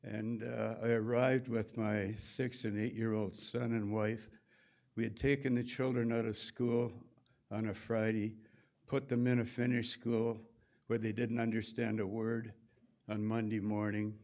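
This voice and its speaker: A Canadian man in his seventies giving a memorial talk, telling wry, unhurried anecdotes. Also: on the low side, little pitch movement, a little mellow. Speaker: memorial speaker.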